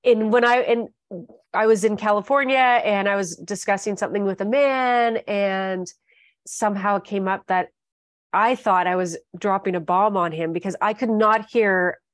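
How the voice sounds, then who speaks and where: A Canadian woman hosting an interview, chatty and animated, drifting into tangents. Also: medium pitch, normal speed, no echo, clean studio sound. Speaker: interviewer host. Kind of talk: casual interview chat.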